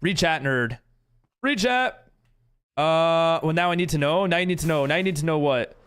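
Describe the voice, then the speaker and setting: A man's voice: fairly high pitch, expressive, moderate pace, fairly bright tone, smooth. A man streaming a game live, chatting casually with viewers and reading chat aloud in a rambling way full of fillers.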